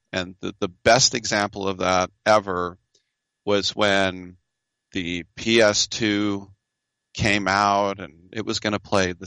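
Animated, jokey man with a bright voice. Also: on the low side, creaky, clear, resonant tone, dry recording. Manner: animated, jokey, quick asides and mock dialogue. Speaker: video game show host. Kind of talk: casual chat about games.

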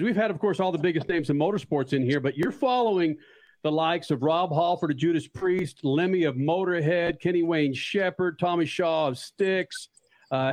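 Man hosting a studio radio show, high voice, eager and loose. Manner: excited, rambling, talks to guest like a buddy. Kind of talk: casual radio talk.

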